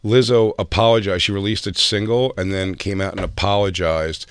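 A man with a lowish voice, co-hosting a comedy podcast with crude, joking banter. The sound is dry and close, with no room around it. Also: fairly even intonation, moderate pace, clear, resonant tone, dry recording. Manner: crude, joking banter with loud acted quotes. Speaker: podcast co-host. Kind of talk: casual comedy podcast chat.

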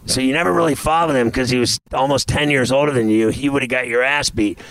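A man's voice: medium pitch, steady tone, quick pace, creaky, a bit bright, no room sound, poor audio. A man interviewing a guest, asking blunt, joking follow-up questions. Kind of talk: conversational interview.

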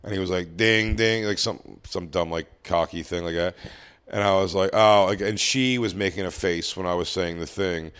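Man, 30s, low voice, casual comedy podcast, animated storytelling, laughs a lot. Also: normal speed, clean tone. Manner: animated, acts out quoted exchanges, laughs often.

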